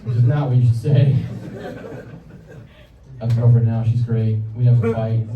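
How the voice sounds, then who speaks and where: A young man with a slight Southern American accent does an awkward, self-deprecating stand-up set on a club stage, using a handheld mic. His medium-pitched voice is animated at a moderate pace with frequent pauses, heard distantly from the audience in a roomy, dull recording over a crowd and laughter.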